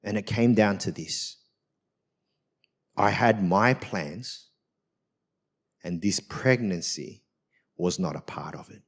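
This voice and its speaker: A man's voice: lowish voice, slow, long pauses, slightly rough. A man, a senior pastor at a church service, preaching a personal story in a conversational, self-mocking way with frequent tag questions.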